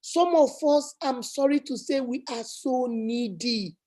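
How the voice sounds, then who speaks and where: A woman's voice: high voice, unhurried, warm tone. A woman hosting a talk show, giving emphatic advice and driving her points home. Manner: preachy, emphatic, repeats points. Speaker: channel host. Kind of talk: advice chat.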